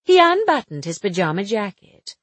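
A woman narrating a novel aloud with expressive storytelling and a breathy voice. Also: mid-range voice, moderate pace, no echo. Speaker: audiobook narrator. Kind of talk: scripted narration.

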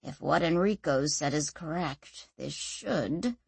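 A woman's voice: mid-range voice, animated, slow, bright, forceful tone, no room sound, exaggerated voice. A woman voicing a cruel, sadistic male captor who mutters and speaks savagely, in a storybook reading. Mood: muttering.

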